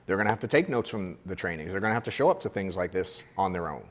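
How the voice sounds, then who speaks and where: Blunt male agency boss coaching his team, low voice, frank. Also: lively intonation, fast talker, big-room sound. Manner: blunt, frank, casual swearing. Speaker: agency owner training agents. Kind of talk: casual coaching talk to a room. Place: office meeting room.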